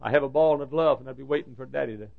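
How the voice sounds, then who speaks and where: Man in his fifties, preacher, gravelly voice, hushed then fervent delivery, dull lo-fi sound. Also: medium pitch, racing, no room sound. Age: 50s. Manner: swings from hushed storytelling to fervent shouting. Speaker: pastor. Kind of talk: sermon.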